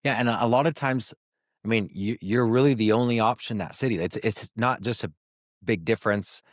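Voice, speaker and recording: A man's voice: lowish voice, a little fast, dry recording, clean studio sound. A man hosting a casual business interview, upbeat and summing up the guest's points. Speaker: interview host.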